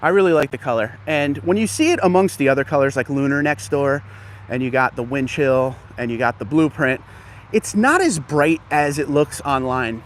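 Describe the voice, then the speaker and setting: A man's voice: medium pitch, animated, normal speed. A man hosting a casual live stream, walking through an outdoor dealership lot and greeting viewers by name, a little out of breath from walking. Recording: faint outdoor background noise.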